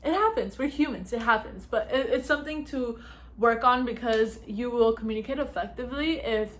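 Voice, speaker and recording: A young woman vlogging at home, giving chatty advice to the camera, laughing often and talking fast. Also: a little high, slight background noise. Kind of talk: casual talk to camera.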